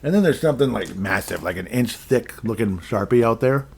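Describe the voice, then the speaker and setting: A man's voice: mid-range voice, lively intonation, brisk, a little mellow, slight background noise. A man hosting a casual sports podcast, rambling and jokey, chuckling often as he talks. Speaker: podcast host.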